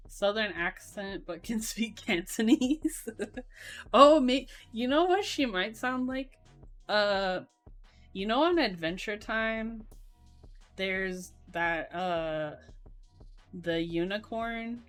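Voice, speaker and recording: A young woman streaming, chatting casually while she builds a keyboard, in a voice she calls monotone and with frequent laughter. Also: medium pitch, slow, faint music behind. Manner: self-described monotone voice, laughs often.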